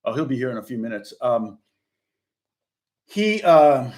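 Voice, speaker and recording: A man's voice: medium pitch, sing-song, unhurried, a little mellow. A middle-aged man from the United States, a guitar teacher talking in a rambling, casual way with frequent laughs and restarts. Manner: rambling, chatty, laughs often, many restarts. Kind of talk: casual live-stream chat.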